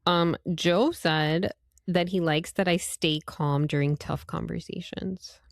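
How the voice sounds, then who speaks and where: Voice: mid-range voice, steady tone, slow, gravelly, dry recording, clean studio sound. A podcast co-host on a therapists' show, chatting in an upbeat, affirming way. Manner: upbeat, affirming, frequent agreement. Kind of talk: casual chat.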